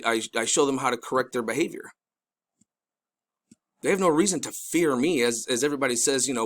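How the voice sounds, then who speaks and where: A middle-aged man giving casual commentary over a video, urgent and pleading, rambling with many restarts and excited bursts. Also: mid-range voice. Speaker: video host.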